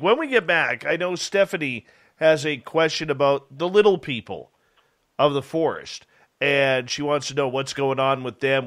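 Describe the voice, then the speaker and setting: A man's voice: on the high side, fairly bright tone. A male radio talk show host, upbeat and announcer-like.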